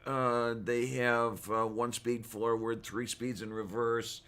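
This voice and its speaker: Hesitant, soft-spoken man co-host. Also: medium pitch, level tone, slow, smooth. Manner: hesitant, many fillers and restarts, soft-spoken. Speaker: podcast co-host. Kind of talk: casual chat.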